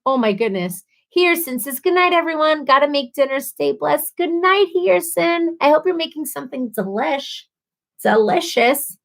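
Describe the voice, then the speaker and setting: A woman's voice: high-pitched, animated, normal speed, gravelly, low-quality recording. Chatty woman hosting a livestream. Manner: reads viewer comments aloud and chats, bubbly and chatty. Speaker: livestream host. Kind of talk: casual livestream chat.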